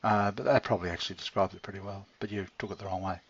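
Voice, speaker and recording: Middle-aged man, husky lowish voice, meandering chat with a pet, lots of swearing, dull lo-fi sound. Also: steady tone, racing. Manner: meandering, swears freely, chuckles often. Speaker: channel host talking to his pet. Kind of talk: rambling casual monologue. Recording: dull lo-fi recording.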